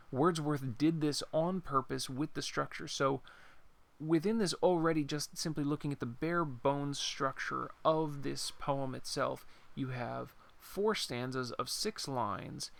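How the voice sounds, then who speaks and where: A man teaching a poem in an informal, unscripted lesson, pausing to think and reading verse lines slowly. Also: fairly high pitch, vocal fry, a bit bright. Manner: unscripted, thinks aloud with pauses and apologies. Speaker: poetry teacher.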